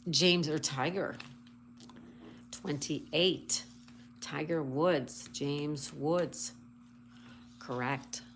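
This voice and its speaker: A woman hosting a casual livestream, reading viewer comments and slowly spelling out crossword answers letter by letter. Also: deep voice, a bit bright, a little hiss or hum. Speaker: livestream host.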